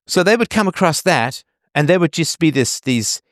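A man's voice: on the high side, animated, normal speed, fairly bright tone, no room sound, studio quality. A man, an author, talking at length in a conversational interview, emphatic and digressive with a slightly sardonic edge.

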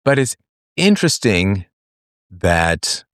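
A man's voice: sits low, very animated, slow, fairly bright tone, no room sound, studio quality. A man from England hosting a call-in show, talking casually with many fillers and restarts.

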